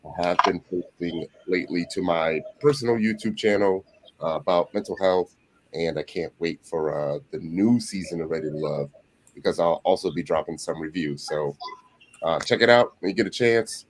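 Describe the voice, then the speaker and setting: A man speaking as a guest on a panel show, laid-back and relaxed, often saying "you know.". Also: low-pitched, moderate pace, poor audio. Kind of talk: casual panel chat.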